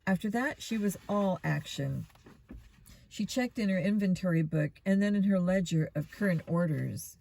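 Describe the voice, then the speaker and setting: Woman reading a mystery aloud, mellow. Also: lowish voice, animated, normal speed, vocal fry. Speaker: reader.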